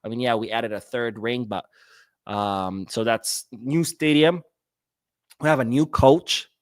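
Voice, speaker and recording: A man's voice: mid-range voice, unhurried, clean tone, no room sound, clean studio sound. A man hosting a casual livestream podcast, reading out chat comments and answering them in a rambling way, repeating his words.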